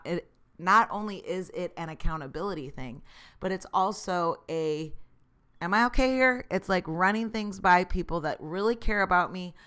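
A woman's voice: fairly low pitch, smooth. A woman hosting her own podcast, talking earnestly and encouragingly to listeners in a motivational solo talk. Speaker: podcast host.

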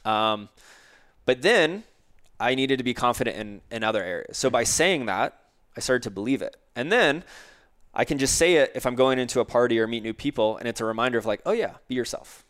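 A man talking as a guest in a casual podcast conversation, reflective and relaxed, often adding "right?". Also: mid-range voice, brisk. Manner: reflective, relaxed, uses tag questions.

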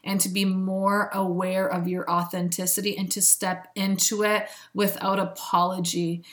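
A woman's voice: mid-range voice, level tone, normal speed. A woman speaking as a spiritual self-help speaker in a motivational monologue, earnest and preachy, often breaking into laughs.

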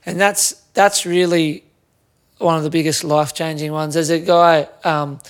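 A man's voice: on the high side, steady tone, normal speed, clean tone. A man with an Australian accent, a musician as a podcast guest, talking reflectively and rambling with many fillers. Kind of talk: casual conversation.

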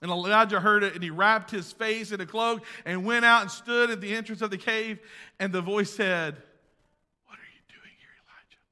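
High, bright-voiced male preacher in a hall. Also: steady tone, normal speed. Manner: preaching with swings between loud emphasis and hushed asides. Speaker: pastor. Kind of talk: sermon. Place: church sanctuary. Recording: long reverb of a large hall.

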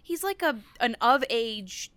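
A woman's voice: a little high, animated, measured pace, a bit bright, a little hiss or hum. A woman co-hosting a casual recap podcast, blunt and profane, talking with emphatic opinions. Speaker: podcast co-host.

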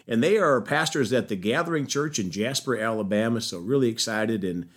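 A man hosting a faith podcast, introducing guests haltingly and leading a prayer. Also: mid-range voice, animated. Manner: warm, halting, with fillers and restarts. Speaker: podcast host.

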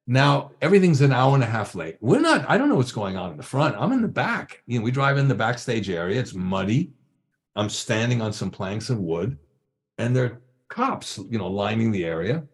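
A man's voice: mid-range voice, big pitch swings, a little fast. An older man, a guest drummer, telling anecdotes in casual talk and acting out voices and drum sounds. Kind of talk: casual storytelling.

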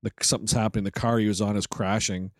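A man's voice: lowish voice, flat delivery, fast, no room sound, studio quality. A man co-hosting a podcast in casual chat, conversational, often asking "right?". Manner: conversational, tag questions, frequent "right". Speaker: podcast co-host.

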